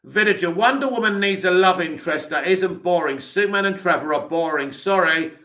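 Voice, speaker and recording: A man's voice: sits high, a little fast, sharp tone. A man with an English accent, hosting a live stream, reading viewer comments aloud and answering them with blunt, dismissive opinions.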